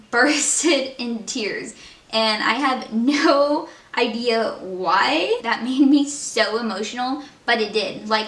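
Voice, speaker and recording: A young woman talks in a chatty, heartfelt way while doing her makeup, peppering her talk with fillers. Her voice sits a little high. She is set back from the camera mic in an echoey room at home. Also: fairly bright tone, far from the mic. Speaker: beauty vlogger.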